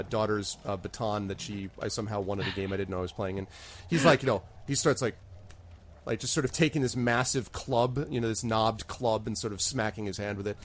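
A man narrating as game master of a tabletop game in loose, chatty talk full of fillers. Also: fairly low pitch.

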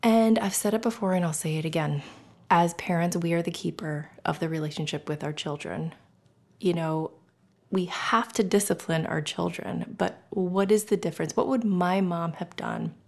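A middle-aged woman hosts her own podcast in a lowish, gravelly voice at a moderate pace. She speaks candidly and emotionally, swears freely, and animatedly acts out scenes using whispers and different voices.

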